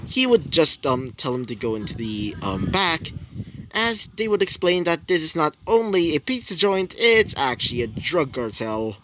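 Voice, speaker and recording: A man's voice: fairly high pitch, sing-song, moderate pace, a bit bright, slight background noise. A young man casually retelling a fan-made what-if story, rambling with lots of fillers.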